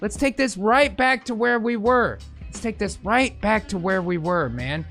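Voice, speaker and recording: A man's voice: high-pitched, animated, a little slow, fairly bright tone, soft background music. A man hosting a podcast, giving casual political commentary in a profane, sarcastic, joking way. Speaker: podcast host.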